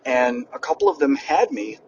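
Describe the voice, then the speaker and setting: A young man hosting a podcast and giving a lively motivational monologue, speaking straight to his listeners. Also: mid-range voice, moderate pace, lo-fi sound. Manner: energetic, addresses listeners directly. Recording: distant mic with background noise, poor audio.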